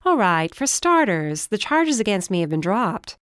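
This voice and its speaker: A woman's voice: mid-range voice, moderate pace, smooth, no room sound, clean studio sound, pitched above the performer's own voice. A woman voicing a defiant young fire witch who speaks bluntly and sarcastically in an audiobook. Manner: flat, sarcastic.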